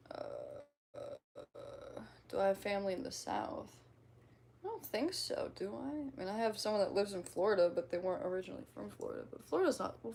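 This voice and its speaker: A woman's voice: medium pitch, creaky, warm tone, slight background noise. A woman from the American Midwest with a slight Midwestern twang, chatting casually on a livestream in a giggly, playful, self-teasing way. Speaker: streamer. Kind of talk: casual livestream chat reading comments.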